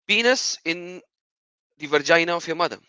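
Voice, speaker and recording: A man's voice: on the high side, animated, moderate pace, bright, forceful tone, smooth, no room sound, muffled recording. A man giving a monologue commentary as a YouTuber, talking emphatically, repeating himself and asking rhetorical questions.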